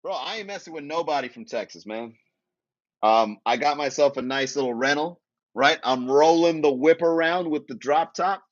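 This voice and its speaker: A man's voice: on the high side, a bit bright, no room sound, lo-fi sound. A man from Miami hosting a casual comedy livestream, joking and chatting with viewers, laughing at his own jokes. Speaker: comedy podcast host.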